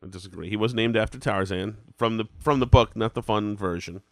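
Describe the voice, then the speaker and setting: A man's voice: fairly low pitch, fairly quick, fairly bright tone, no room sound. A man in his forties hosting a casual podcast, rambling and self-deprecating, with a head cold that makes him sound congested. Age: 40s. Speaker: podcast host.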